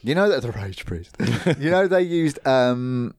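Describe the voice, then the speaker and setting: A man's voice: medium pitch, a little slow, clear, resonant tone, dry recording, studio quality. A man from England co-hosting a casual film chat, laughing often and swearing as he tells stories. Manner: laughing, sweary, animated storytelling. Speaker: podcast co-host.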